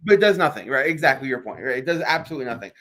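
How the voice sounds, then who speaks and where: A man co-hosting a sports radio show, talking in an animated, emphatic way with frequent restarts. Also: medium pitch, rapid-fire. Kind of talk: casual sports talk.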